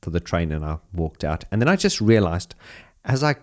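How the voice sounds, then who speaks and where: Deep-voiced Englishman telling a lively story. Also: moderate pace. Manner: animated, chatty, laughs while telling. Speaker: keyboard player. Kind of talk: telling an anecdote.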